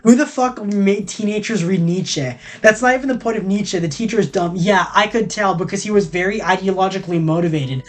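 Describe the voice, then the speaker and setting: A man's voice: high-pitched, brisk, hardly any pauses, soft background music. A man streaming a casual chat, rambling and joking with many restarts and frequent laughs, from the southern United States.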